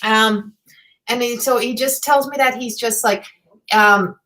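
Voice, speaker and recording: A middle-aged woman from Newfoundland hosting live psychic readings, talking in a halting, rambling way full of fillers. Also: a little high, fairly even intonation, pushed and bright.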